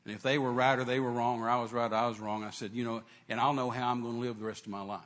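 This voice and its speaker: A man's voice: mid-range voice, level tone, rapid-fire, fairly bright tone. A man preaching a sermon, retelling a conversation and acting out the dialogue. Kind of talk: sermon storytelling.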